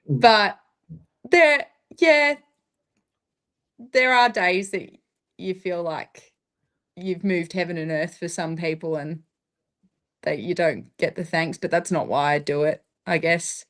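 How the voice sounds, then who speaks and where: A woman's voice: lowish voice, slow, pauses often. An Australian woman in her thirties, a paramedic, talking reflectively in a casual interview and laughing often. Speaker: guest, paramedic.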